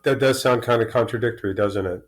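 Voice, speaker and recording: Fast and medium-pitched, a sixty-something man guests on a podcast and tells candid, rambling stories about his life, frequently restarting sentences and repeating himself.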